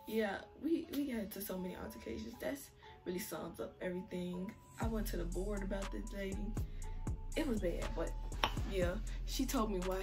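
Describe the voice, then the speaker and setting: A young woman telling a story in a casual, slangy way, laughing often. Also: lowish voice. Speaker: vlogger. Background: music.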